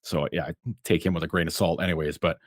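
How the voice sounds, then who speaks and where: A man talking sports as a podcast guest, animated, often restarting and acting out what others said. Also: low voice, quick pace, no room sound, clean studio sound. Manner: animated, acts out quotes, many restarts. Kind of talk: casual sports chat.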